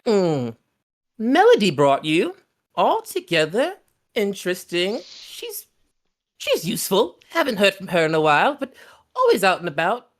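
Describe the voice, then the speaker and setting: A man putting on a high quavering ancient hag. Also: wildly swooping pitch, measured pace, exaggerated voice. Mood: musing. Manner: high quavering old-lady voice, chuckling. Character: ancient sweet-talking female hag, warm and cryptic.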